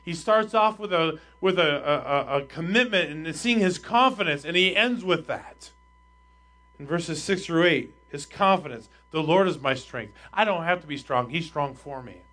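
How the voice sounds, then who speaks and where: A man with a high voice preaching to his church. He reads scripture aloud and explains it, pressing harder as he reads the verses. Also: animated, moderate pace, a bit bright. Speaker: pastor. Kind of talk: sermon.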